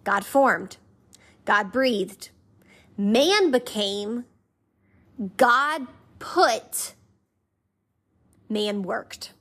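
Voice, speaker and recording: A woman's voice: a little high, animated, very slow, pauses often, a bit bright. A woman hosting a faith podcast, teaching conversationally and repeating key phrases in an emphatic rhythm while inviting listeners to say them back. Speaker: podcast host.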